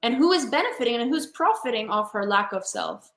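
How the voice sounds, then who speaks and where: Woman, motivational coach, emphatic, fairly high pitch, echoey room. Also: big pitch swings, a little fast, fairly bright tone. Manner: passionate, emphatic, calls listeners honey. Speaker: sales coach for women, guest. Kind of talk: motivational interview talk.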